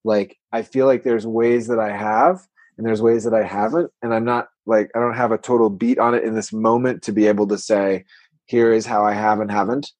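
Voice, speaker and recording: Husky low-voiced man, rambling guest. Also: fairly even intonation, a little fast, darkish tone, dry recording. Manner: rambling, full of "like" fillers. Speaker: podcast guest. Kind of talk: casual conversation. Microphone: remote call recording.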